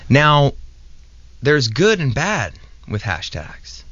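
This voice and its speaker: A man, a knife maker and a guest on the show, explains things in a steady, step-by-step way with a mid-range voice. The sound is dry with no room echo, and slightly dull and lo-fi. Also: medium pitch, slow pace. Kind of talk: casual explanation.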